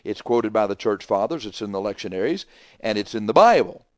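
A man delivers a radio sermon as a pastor, telling a story of a doctrinal dispute with mounting emphasis. His speech is plain and forceful, recorded close and dry with no room sound. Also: fairly low pitch, expressive, a little fast, dry recording. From Texas. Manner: emphatic, retells arguments with rising heat.

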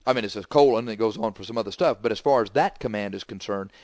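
A man's voice: lowish voice, fast, hardly any pauses, darkish tone, no room sound, studio quality. A man preaching a sermon, hammering the congregation with confrontational rhetorical questions.

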